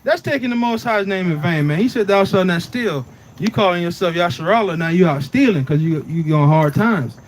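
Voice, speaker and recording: A man's voice: high-pitched, expressive, a little fast, a little hiss or hum. A man teaching scripture in a casual preaching way, often asking "right?" and "you understand?" and telling the reader to read on. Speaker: Bible teacher.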